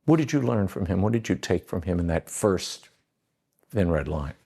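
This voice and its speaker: Husky low-voiced male interviewer. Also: big pitch swings, moderate pace, dark tone. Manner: brief prompting questions and back-channel murmurs. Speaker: interview host. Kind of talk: interview questions.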